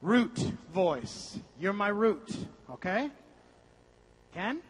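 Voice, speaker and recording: A man's voice: high-pitched, sing-song, very slow, husky, long reverb tail. A man leading a motivational seminar, coaching the audience energetically and breaking into song. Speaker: seminar speaker. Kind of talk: motivational seminar with group singing.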